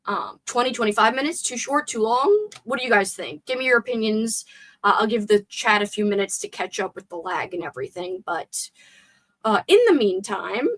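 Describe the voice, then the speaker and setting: A woman's voice: medium pitch, normal speed. A young woman hosting a casual livestream from a room at home, chatting playfully and answering her viewers' messages aloud. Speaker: livestream host. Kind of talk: casual live chat with viewers.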